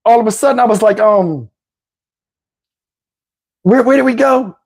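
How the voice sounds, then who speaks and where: An animated middle-aged man telling a comic story from his own life. He talks loose and slangy and stops often to restart. He breaks off to address the people watching him. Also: extremely high pitch, unhurried. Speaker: vlogger telling a personal story.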